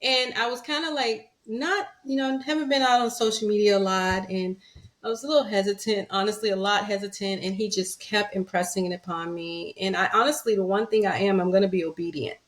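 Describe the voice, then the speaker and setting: A woman hosts a conversational interview, encouraging and affirming as her guest talks. She speaks in a mid-range voice with easy warmth in her phrasing. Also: medium pitch, steady tone, fairly quick. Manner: encouraging, reacts with frequent affirmations. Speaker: host.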